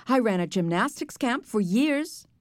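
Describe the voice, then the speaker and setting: A woman voicing a lively, sporty grandmother who is out of breath. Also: a little high, a little slow, no room sound. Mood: breathless.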